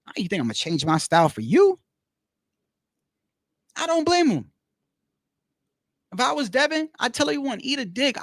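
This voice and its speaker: High-voiced man ranting, dry close sound. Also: gravelly, a bit bright, dry recording. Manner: profane, heated, repeats himself. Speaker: boxing commentary streamer. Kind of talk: casual ranting commentary.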